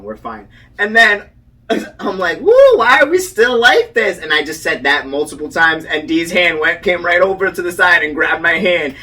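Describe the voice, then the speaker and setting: Young man, podcast co-host, animated storytelling, swears a lot, mic a bit far off. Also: fairly high pitch. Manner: animated storyteller, swears freely, laughs often. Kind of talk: casual chat.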